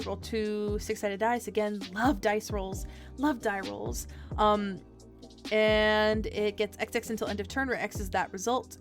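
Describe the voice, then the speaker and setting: A young woman streamer chatting casually as she reviews trading cards, gushing and giggly, rambling with lots of fillers. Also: medium pitch. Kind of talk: casual chat.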